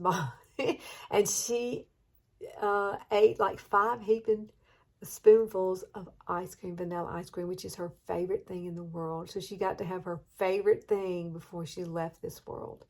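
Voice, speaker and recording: A woman in her fifties with an Alabama accent chats her way through a makeup routine for a get-ready-with-me beauty vlog. Her mid-range voice keeps a fairly even intonation at a normal speed. She's warm-hearted and emotional, sometimes close to tears.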